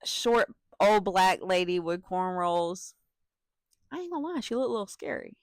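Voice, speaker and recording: A young woman tells a storytime in an animated, profane way, breaking off with laughs and asides to her viewers. Her voice sits at a middle pitch for a woman. The sound is close and dry, with no room echo. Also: normal speed. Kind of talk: casual storytime vlog.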